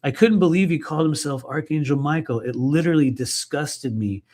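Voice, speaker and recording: A man's voice: a little high, brisk, darkish tone. A man reading aloud from his own book and breaking off into loose, conversational asides, swearing freely. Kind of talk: live book reading with casual commentary.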